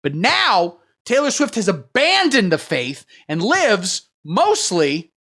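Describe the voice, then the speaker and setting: A man hosting a satirical livestream, riffing crudely in a rambling, deadpan way while he reads the chat. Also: high voice, takes it slowly. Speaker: livestream host. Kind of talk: satirical livestream comedy rant.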